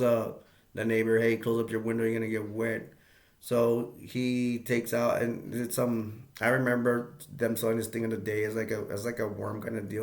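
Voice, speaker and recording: A man's voice: mid-range voice, echoey room. A man reviewing a movie in a casual, rambling way, with many fillers and restarts as he retells scenes.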